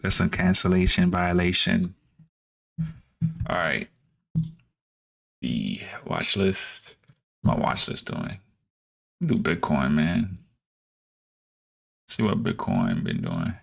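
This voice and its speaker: Low gravelly guy mumbling thru his trading charts, voice bouncing up and down a lot. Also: sing-song, slow pace, long pauses. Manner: mutters and talks to himself, hums; playful slang asides. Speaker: trader streaming his charts. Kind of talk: casual chart commentary.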